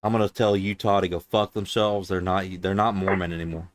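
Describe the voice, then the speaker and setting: Brash Southern man, low dry voice. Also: steady tone, fairly quick, dry recording. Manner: brash, mocking, swearing. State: tired. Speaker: streamer.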